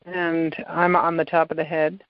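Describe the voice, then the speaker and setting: Calm woman coaching a tapping session. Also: low-pitched, normal speed. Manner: calm, coaching, gives step-by-step prompts. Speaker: tapping practitioner and podcast host. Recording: dull, lo-fi sound.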